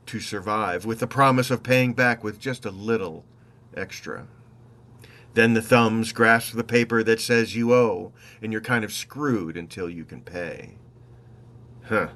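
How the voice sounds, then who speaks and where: A man narrating his own travel story in the first person, reflective and meandering, with wry asides and unhurried self-corrections. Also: lowish voice, fairly bright tone.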